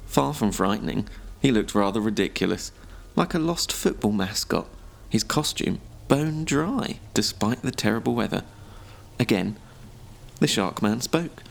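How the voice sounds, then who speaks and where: A man narrating a written story in a measured, expressive storytelling manner. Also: on the low side, vocal fry.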